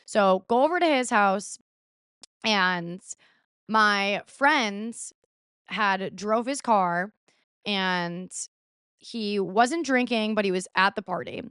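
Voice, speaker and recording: A woman's voice: mid-range voice, slow, fairly bright tone, clear, resonant tone, no room sound, clean studio sound. A young woman in her twenties hosting a podcast, telling a story casually with lots of "like" and acting out what people said. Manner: chatty, lots of "like", acts out quoted lines. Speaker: podcast host.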